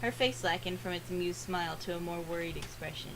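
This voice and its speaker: A woman reading a visual novel aloud for a let's play, earnest, with dramatic pauses. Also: on the low side, noisy background.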